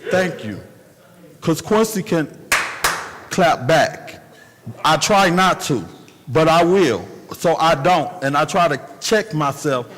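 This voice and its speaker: A man's voice: fairly high pitch, expressive, takes it slowly, pauses often, fairly bright tone, slight background noise. A man speaking as a city council member in a formal meeting, emphatic, plainspoken and repetitive. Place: council chamber. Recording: reverberant council chamber.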